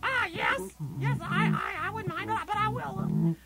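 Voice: very high voice, wildly swooping pitch, normal speed, voice pushed up, full character voice. A performer voicing a dotty, fussy old lady choir mistress who hypnotizes her chorus with a quavering voice. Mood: dotty, soothing. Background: loud music.

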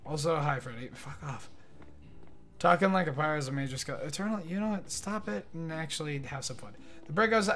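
A man's voice: a little high, expressive, fairly quick, a bit bright, faint music behind. A young man streaming games, chatting casually with his viewers in a rambling, profane, joking way. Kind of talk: casual livestream chat while gaming.

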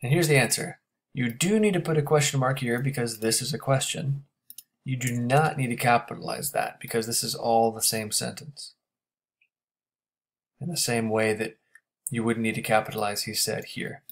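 A man teaching a grammar lesson, explaining step by step and checking in with quick questions. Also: medium pitch, fairly even intonation.

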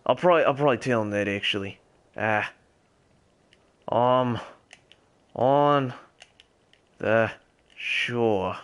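A man's voice: fairly low pitch, drawn-out words, long pauses, clear, resonant tone. A young man streaming a survival game, talking in a put-on character accent that he says strains his voice, swearing and exclaiming as he plays. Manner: swears constantly, exclaims loudly. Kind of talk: role-play gameplay commentary.

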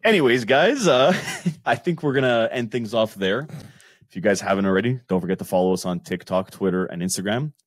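Man, lowish voice, lively, jokey, laughs a lot, dry sound, podcast host. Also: a little fast, no room sound. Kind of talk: casual chat.

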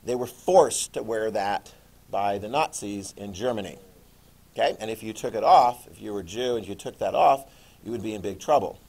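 Lecturing with energy, a male teacher keeps asking his students questions and tossing in "okay?" again and again to check on them. He speaks at a moderate pace in a lowish voice.

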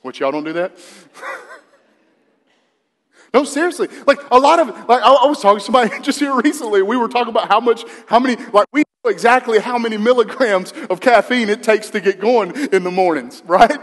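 A man's voice: sits high, fairly quick. A man preaching a sermon to his congregation in a conversational way, asking the room questions. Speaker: pastor. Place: church sanctuary. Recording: long hall reverb.

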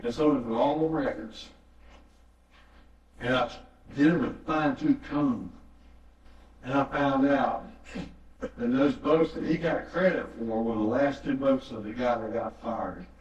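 A man preaching a sermon, telling a story in earnest and repeating phrases for emphasis. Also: medium pitch. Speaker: pastor. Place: church sanctuary. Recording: echoey, distant, dull church recording.

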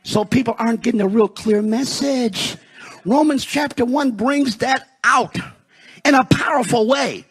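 A pastor from Detroit preaching a sermon in a church, rising into shouted, sung peaks and slowing for emphasis. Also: male voice, very high voice, husky. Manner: preaching with shouted, sung rises and dramatic slowdowns. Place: church sanctuary.

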